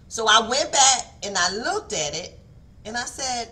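A woman's voice: on the high side, animated, a little slow, sharp tone. A woman giving a morning devotional talk, preachy, repeating words for emphasis and calling for responses. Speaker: devotional speaker. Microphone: online stream mic.

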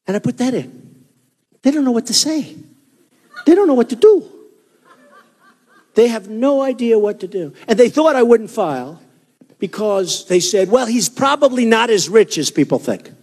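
A man's voice: high-pitched, mellow. Boastful rambling man at a rally. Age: 60s. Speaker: political candidate. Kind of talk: campaign rally speech. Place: hot indoor hall with a crowd. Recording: reverberant hall with crowd noise.

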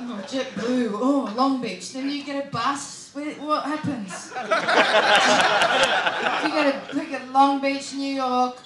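A woman's voice: sits high, steady tone, takes it slowly. A woman comedian playing a flight attendant on a club stage, teasing and swearing at the audience in brash live stand-up banter. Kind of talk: live stand-up crowd work. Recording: echoey club with loud crowd noise. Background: loud audience laughter.

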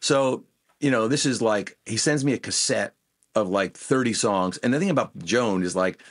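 A middle-aged man with a fairly low voice tells stories in a relaxed interview. He jumps into the voices of the people in his anecdotes and keeps the talk casual and animated. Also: normal speed. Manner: animated anecdotes, acts out quoted dialogue. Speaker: guest musician.

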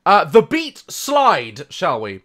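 A young man giving reaction commentary on a video, mocking it, swearing, laughing often and swinging between loud outbursts and muttered asides. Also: sits high, huge pitch swings, takes it slowly, very noisy. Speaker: YouTuber reacting to a music video.

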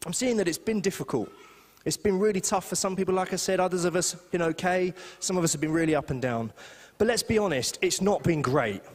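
A man preaching a sermon as pastor, chatty and animated, slipping into little voices for the people he quotes. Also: fairly high pitch, big-room sound. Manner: animated, conversational, acts out quotes. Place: church hall.

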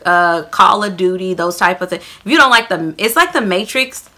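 A woman with a Southern US accent chatting excitedly to her viewers in a casual beauty favorites vlog, calling them y'all and fam. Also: fairly low pitch, moderate pace. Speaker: beauty vlogger.

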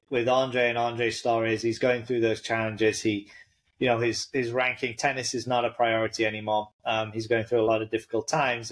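A man hosting a podcast, telling a story in casual chat, often stopping to restart his sentences. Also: medium pitch. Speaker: podcast host.

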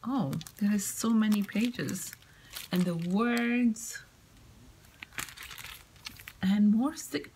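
Woman vlogger, slow and gushing, hushed half-whisper, with loud paper crinkling behind her. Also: mid-range voice, lively intonation, slight background noise, rough recording. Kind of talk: craft mail unboxing. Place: home, indoors.

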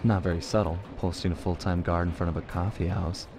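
An actor voicing a heist accomplice in a video game, speaking in a matter-of-fact, plain way. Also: male voice, sits low, fairly even intonation, quick pace, music in the background. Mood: steady.

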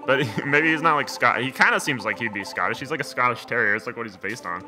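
A man's voice: mid-range voice, lively intonation, fast, hardly any pauses, over music. A young man giving casual, jokey commentary while playing a video game, rambling with lots of "like" and "man". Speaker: video game let's player.

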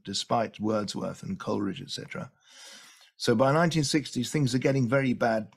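A man's voice: mid-range voice, gravelly. A man lecturing eagerly, repeating words for emphasis as he walks through his slides. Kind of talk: illustrated lecture.

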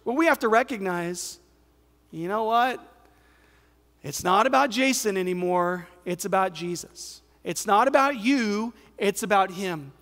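A man's voice: high-pitched, animated, a little slow, fairly bright tone. A man with an American accent preaching a sermon as pastor, conversational and emphatic, asking the crowd questions. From United States. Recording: reverberant hall.

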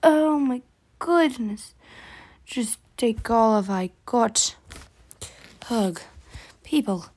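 A woman's voice: fairly high pitch, lively intonation, drawn-out words, pauses often, darkish tone, heavily acted. A woman voicing a snobby rich woman in a game role-play skit, talking in a haughty, dismissive, bossy way.

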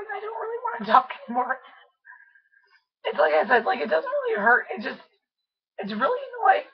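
Laryngitis leaves this young vlogger's voice scratchy, hoarse and squeaky as she chats informally in a video diary, forcing it to half-yelling with a touch of breathlessness. The recording is muffled.

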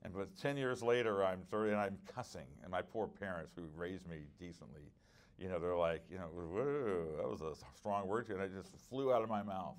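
Middle-aged guy preaching at a workshop, lowish voice, earnest, talks like he's chatting, lots of restarts. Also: brisk. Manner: earnest, conversational, with many restarts and personal stories. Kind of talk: conference workshop teaching.

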